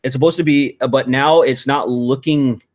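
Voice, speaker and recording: A man hosting a casual podcast chat, telling stories in an animated, profanity-laced rant. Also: medium pitch, moderate pace. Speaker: podcast host.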